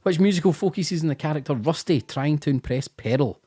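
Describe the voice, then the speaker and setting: A man's voice: on the high side, expressive, fairly quick, mellow, breathy edge. A Scottish man hosting a casual live-stream quiz, chatty and teasing, tired after a busy day, over faint music. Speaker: quiz host.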